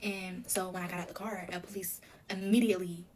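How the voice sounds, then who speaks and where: Fast-talking woman telling her own story. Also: on the low side, flat delivery, a little mellow, slight background noise. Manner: rapid, emotional retelling full of "like". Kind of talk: casual storytime confession.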